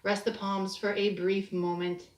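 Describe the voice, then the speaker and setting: Gentle woman guiding a yoga class. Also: mid-range voice, flat delivery. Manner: gentle, soothing cues, slowing down. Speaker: yoga instructor. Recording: echoey room, distant mic.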